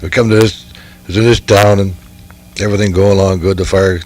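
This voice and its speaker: A man's voice: deep voice, steady tone, a little fast, darkish tone, a little hiss or hum, low-quality recording. An older man, dictating rambling folksy stories about his years as a game warden and stringing them along with "anyway". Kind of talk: dictated storytelling.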